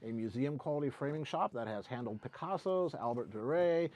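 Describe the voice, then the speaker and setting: Male co-host, playful, hesitant, very animated pitch. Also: fairly quick. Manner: joking, hesitant, with many uh's. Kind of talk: casual chat with a sponsor shout-out.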